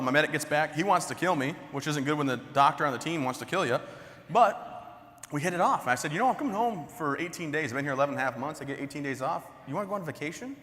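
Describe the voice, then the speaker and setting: This young keynote speaker has a fairly high, animated voice that runs fast and a bit bright. Joking and poking fun at himself, he tells stories and laughs at his own lines from the stage of a large hall, where reverb colors the sound.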